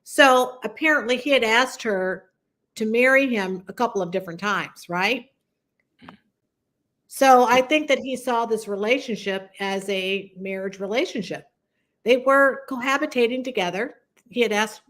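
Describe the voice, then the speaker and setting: A woman with a slightly higher voice talks as a guest commentator. She works through her points step by step, as if explaining an analysis. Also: unhurried. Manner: explains points in steady reasoning, mentions statement analysis. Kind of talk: casual analytical chat.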